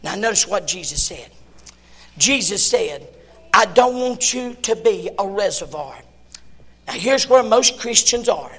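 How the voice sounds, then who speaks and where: A male pastor preaching a sermon in a church, swinging between shouts and hushed tones. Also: high-pitched, lively intonation, a little slow, big-room sound.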